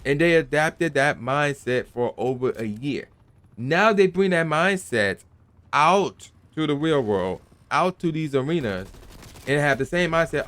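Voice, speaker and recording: Animated young man ranting casually. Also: fairly high pitch, measured pace. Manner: animated, emphatic, acts out quoted voices, slangy. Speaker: gaming commentary channel host. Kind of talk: casual opinion rant.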